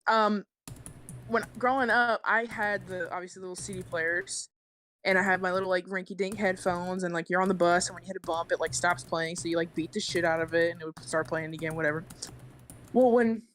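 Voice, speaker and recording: A woman in her twenties, a guest on a podcast, telling stories fast in casual, cussing chat. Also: fairly low pitch, slight background noise. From South Carolina. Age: 20s. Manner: fast, swearing, animated storytelling. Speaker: guest musician.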